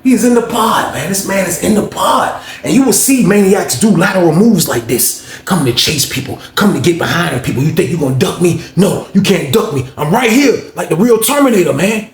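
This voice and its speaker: An animated man with a high, lively voice tells a story in loose street slang. He jumps between voices as he quotes people. The room around him is echoey. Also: a little fast, few pauses. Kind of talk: casual storytelling to camera.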